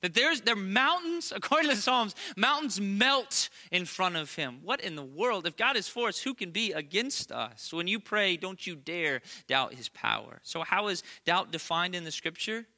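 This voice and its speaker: Male preacher, thirties, high and ringing tone, conversational sermon with humor. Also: animated, moderate pace, few pauses, bright, forceful tone. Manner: conversational and emphatic, with playful asides. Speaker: pastor.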